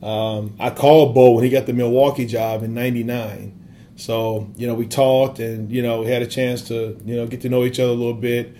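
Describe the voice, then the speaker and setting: A man's voice: mid-range voice, little pitch movement, fairly quick, mellow. A man in his thirties from Wisconsin, an assistant basketball coach, answering interview questions earnestly with many fillers. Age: 30s.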